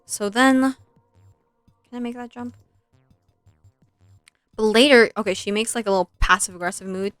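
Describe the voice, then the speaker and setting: A woman's voice: mid-range voice, a little slow, pauses often, a bit bright, smooth, no room sound, faint music behind. A young woman streaming a video game, chatting casually and retelling a film in between plays, with lots of likes and ums. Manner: chatty, scattered, filler-heavy, swears at the game.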